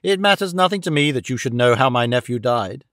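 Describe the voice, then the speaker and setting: A man's voice: mid-range voice, animated, brisk, fairly bright tone, dry recording, studio quality, close to an everyday voice. A man voicing a cold, gloating middle-aged male villain who mocks and menaces his dying victim. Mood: menacing. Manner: sneering, menacing, mocking.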